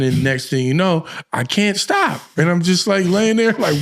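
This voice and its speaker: A man hosting a podcast, telling a story in casual chat, animated and laughing, with slang and swearing. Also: sits high, moderate pace, creaky, slight background noise. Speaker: podcast host.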